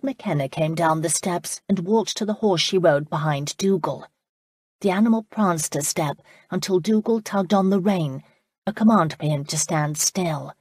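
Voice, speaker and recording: A woman reading a historical romance audiobook in calm, even scripted narration. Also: fairly low pitch, unhurried, husky, dry recording, studio quality.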